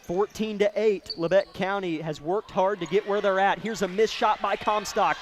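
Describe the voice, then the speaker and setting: Man, play-by-play announcer, fairly high voice, excitable, shouting on big plays, noisy courtside broadcast. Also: moderate pace, few pauses. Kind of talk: radio basketball play-by-play. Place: high school gym, courtside. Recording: noisy gym broadcast feed.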